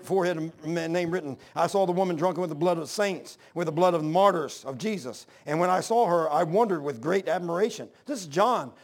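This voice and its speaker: A man preaching a sermon, swinging between loud exhortation and low hushed asides. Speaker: pastor.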